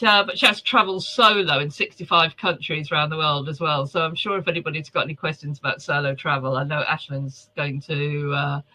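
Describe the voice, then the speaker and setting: On a rough recording, a man with a high, bright, forceful voice hosts a live webinar from home over video call. He casually welcomes people ahead of the virtual event, chatting and greeting viewers by name.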